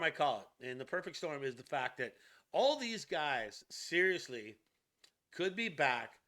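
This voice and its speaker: A man hosting a casual sports news channel, chatting excitedly with jokey asides and laughs. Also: on the high side.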